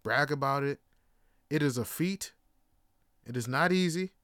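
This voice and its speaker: A man's voice: medium pitch, a little slow, fairly bright tone, clean tone, dry recording, studio quality. A man from Jamaica telling a personal story in a casual, profane way, laughing and restarting as he goes. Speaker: podcast host.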